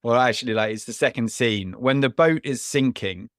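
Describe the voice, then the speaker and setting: In a clean studio recording with no room sound, a male podcast co-host speaks in a mid-range voice at a moderate pace. He rambles on casually about a film, with frequent restarts and small laughs.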